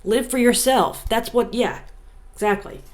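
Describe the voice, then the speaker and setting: A young woman giving a casual tarot reading, thinking aloud with frequent fillers and reading scripture passages slowly. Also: fairly high pitch. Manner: unhurried, thinking aloud with many fillers, reads verses slowly. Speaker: tarot reader. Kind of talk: casual spiritual reading to camera.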